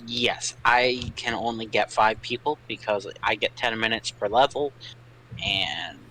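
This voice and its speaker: A man's voice: fairly low pitch, a little slow, bright, forceful tone, slight background noise, poor audio. A man playing a tabletop role-playing game, explaining his moves with many fillers. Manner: hesitant, filler-heavy. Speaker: player. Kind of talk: casual tabletop play.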